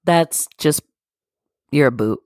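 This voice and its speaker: A woman's voice: sits low, slow, no room sound, clean studio sound. A woman co-hosting a podcast in casual chat, teasing and swearing with sass. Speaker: podcast co-host.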